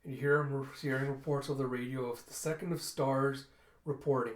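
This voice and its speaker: A man casually narrating a comic book readthrough, chatty and relaxed. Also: medium pitch, fairly quick. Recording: echoey room.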